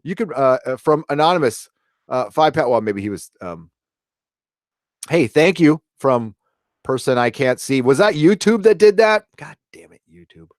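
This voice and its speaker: A man's voice: a little high, lively intonation, normal speed, no room sound, clean studio sound. A middle-aged American man hosting a livestream, ranting casually with profanity and lots of fillers, then reading out viewer chat. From United States. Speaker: livestream host.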